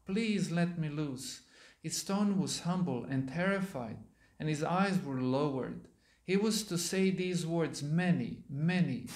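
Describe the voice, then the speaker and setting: A man, a monk giving a sermon, reading a story aloud and pausing to explain words to his listeners, in a temple hall. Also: fairly high pitch. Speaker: monk lecturer.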